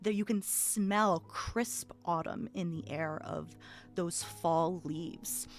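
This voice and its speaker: Woman running a tabletop game, casual descriptive narration, soft music in the background. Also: lowish voice, slow. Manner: relaxed, descriptive, many fillers. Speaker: game master.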